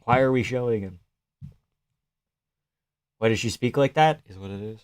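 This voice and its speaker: A man's voice: medium pitch, moderate pace, smooth. A man live-streaming casual commentary while watching fights, blunt, sarcastic and swearing freely.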